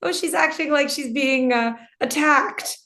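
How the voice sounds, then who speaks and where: A middle-aged American woman teaching an online English class from home, lively and quick to laugh as she talks. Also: high voice. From United States. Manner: lively, laughs often, apologetic. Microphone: computer mic on a video call.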